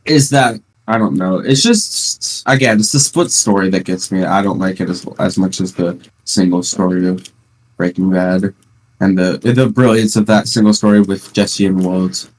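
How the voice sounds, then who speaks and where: A teenage podcast host at home, chatting casually and rambling through stories with playful sarcasm. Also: male voice, sits low, steady tone, normal speed. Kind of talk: casual chat.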